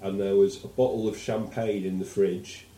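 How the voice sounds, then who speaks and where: A man's voice: fairly low pitch, flat delivery, moderate pace, dark tone, echoey room, rough recording. A man with a posh English accent co-hosting a podcast, telling stories in a rambling, wry way. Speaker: podcast co-host. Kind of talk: casual chat.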